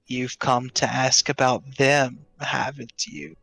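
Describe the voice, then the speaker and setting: A man's voice: medium pitch, level tone, slow pace, gravelly, fairly bright tone, no echo, exaggerated voice. A man voicing a callous, mocking male tree spirit that taunts and speaks in riddles. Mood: taunting. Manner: taunting, cryptic, laughs callously.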